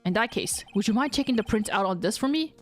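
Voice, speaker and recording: A woman streaming a game, reading its dialogue aloud with expressive delivery. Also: medium pitch, quick pace, faint music behind. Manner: expressive, switches voices, swears.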